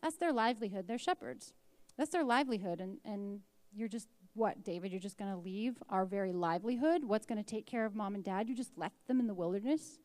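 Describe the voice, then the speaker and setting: A woman's voice: medium pitch, animated, fairly quick, darkish tone, no echo. A woman teaching an informal Bible lesson in a conversational way, reading scripture aloud and dramatizing the quotes.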